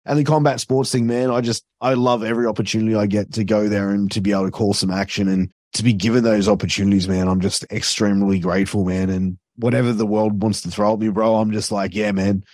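A man's voice: fairly low pitch, flat delivery, fast, few pauses, darkish tone, no echo, clean studio sound. An Australian man, a podcaster and wrestling announcer, chatting casually as a guest, swearing freely and filling his talk with asides. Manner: profane, loose, full of fillers.

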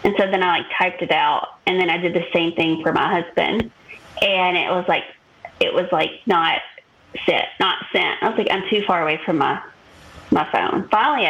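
As a podcast co-host in a casual chat, a woman with a fairly low voice tells a long personal story, animated and acting out what others said. The audio sounds dull.

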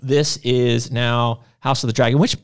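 A young man chatting loosely about store deals, drifting from one sale to the next. His voice sits in an ordinary middle pitch. He restarts sentences and goes off on small tangents along the way. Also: steady tone, measured pace, clean tone. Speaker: gym owner and supplement shop host. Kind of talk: casual promotional chat.

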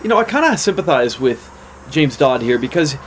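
Wry, higher-voiced man in casual chat. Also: sing-song, normal speed, slight background noise. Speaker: podcast co-host.

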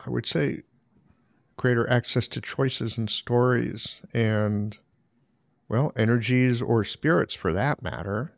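A man hosting a podcast interview, speaking in a measured, affirming conversational way. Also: mid-range voice, gravelly, dry recording, studio quality. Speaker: podcast host.

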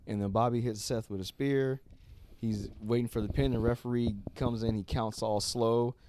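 A man co-hosting a podcast, casually recapping wrestling shows and acting out the wrestlers' lines in quick voices, swearing now and then. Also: medium pitch, fairly even intonation, noisy background. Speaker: podcast co-host.

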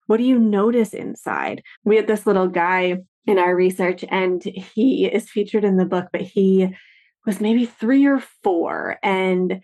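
A woman talks through parenting ideas as an interview guest, earnest and steady at a middle pitch. She slips into little acted-out quotes of kids and parents to make her points. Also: measured pace. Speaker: parenting educator and author guest. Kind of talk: conversational interview explanation.

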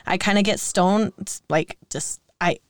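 Woman, 30s, podcast co-host, candid and emotional storytelling, smooth voice, dry sound. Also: medium pitch, no echo. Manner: emotional, earnest, quick to laugh.

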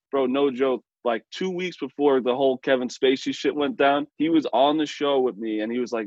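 A man's voice: medium pitch, a little fast, no echo, highs cut off. A man rambling in a casual podcast chat, swearing freely and laughing often. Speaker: podcast guest and host.

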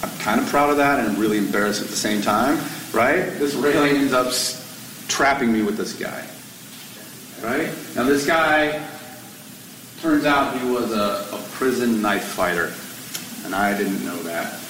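Firefighter guy telling his story on stage, gets worked up and loud, far off mic in an echoey hall. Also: mid-range voice, a little slow, slight background noise. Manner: animated, rising to near-shouting when exasperated. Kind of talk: storytelling talk to an audience.

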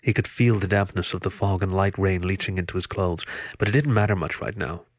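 A man reading a story aloud in a steady, even narration. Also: sits low, brisk, dry recording. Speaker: audiobook reader.

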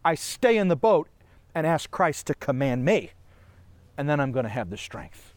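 Male preacher, sermon, high-pitched, very lively intonation, dry close sound. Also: moderate pace, dry recording. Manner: animated, asks many rhetorical questions, laughs often.

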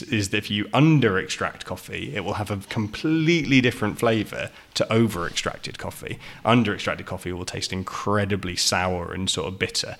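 Low-voiced English man explaining coffee. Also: fairly bright tone. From England. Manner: explains at length, with many fillers and restarts. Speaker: coffee shop owner, podcast guest. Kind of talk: casual podcast conversation.

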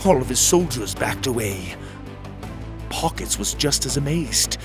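A man narrating a children's audio story, with expressive storytelling. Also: a little slow, music in the background. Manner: expressive storytelling with lively pitch.

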